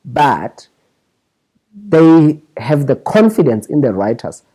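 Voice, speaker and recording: A man in his thirties speaks candidly about his scriptwriting career in an interview. His voice is husky and mellow and moves lively up and down. He restarts phrases often and acts out other people's lines as he goes. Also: medium pitch, takes it slowly, low-quality recording. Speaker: scriptwriter guest.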